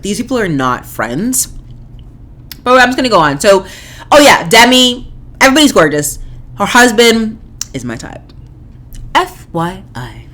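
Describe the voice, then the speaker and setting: A woman with a low voice talks through her opinions in a casual podcast. She is chatty and opinionated, and often restarts her sentences with fillers. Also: a bit bright. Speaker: podcast host. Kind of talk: casual commentary on a reality show.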